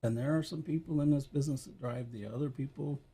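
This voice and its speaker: A man's voice: mid-range voice, fast talker, mellow, breathy edge. A man appearing as a guest on a talk radio show, easygoing and joking. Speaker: guest realtor.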